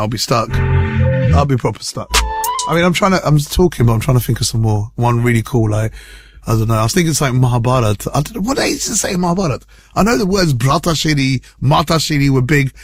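Male morning radio host, chatty and playful, lively delivery over a music bed. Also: mid-range voice, fast talker. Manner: chatty, jokey, reads listener messages. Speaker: radio presenter. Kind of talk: casual morning radio chat.

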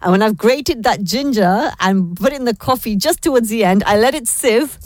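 A woman's voice: fairly high pitch, lively intonation, normal speed, hardly any pauses, darkish tone, no echo. A woman presenting a morning radio show, chatting casually and dropping Hindi words into her English.

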